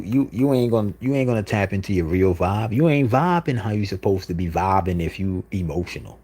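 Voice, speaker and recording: A man's voice: on the low side, dark tone, slightly rough. A man hosting a livestream, delivering an insistent, repetitive monologue with frequent "you know what I'm saying.". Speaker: livestream host.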